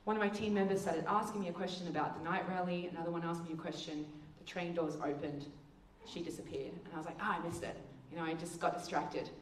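A woman gives a storytelling testimony in a low-pitched voice, acting out dialogue with leaps in pitch. She is heard from a distance in a roomy, echoing space with a faint background hum. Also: steady tone, quick pace, few pauses. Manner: storytelling, acts out quotes with big pitch jumps. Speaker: speaker. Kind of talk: testimony talk. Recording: echoey room, heard from a distance.

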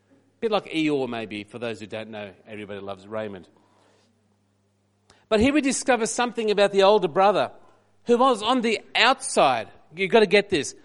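A man preaching a sermon, animated and emphatic, rising loudly on key points and dropping to quiet asides. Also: fairly high pitch. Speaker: pastor.

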